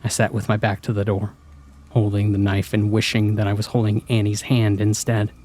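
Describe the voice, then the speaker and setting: A man with a low voice narrating a scripted horror story. He reads in a measured, hushed way and paces the tension. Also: monotone.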